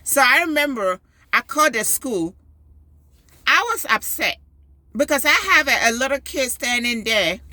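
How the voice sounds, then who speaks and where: A woman and school parent telling a story with animated emphasis, giving advice in a personal video. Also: a little high, moderate pace, dry recording. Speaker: parent and PTO volunteer.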